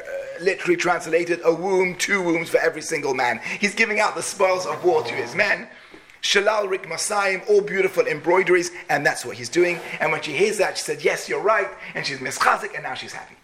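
Bright, high-pitched man telling a Torah story. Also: lively intonation, slight background noise. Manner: dramatic, slows down for emphasis. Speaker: Torah teacher.

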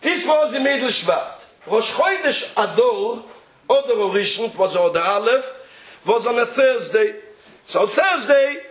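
A man with a Yiddish accent telling a rabbinic tale in an animated way, chuckling as he goes and mixing in Yiddish and Hebrew words. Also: very high-pitched, a little slow, echoey room. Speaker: storyteller.

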